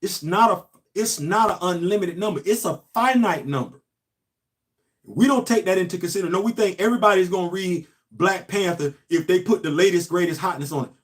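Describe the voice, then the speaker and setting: An emphatic male commentator, hammering points home through repetition. His voice sits a bit high for a man. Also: brisk. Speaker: host. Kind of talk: casual commentary monologue.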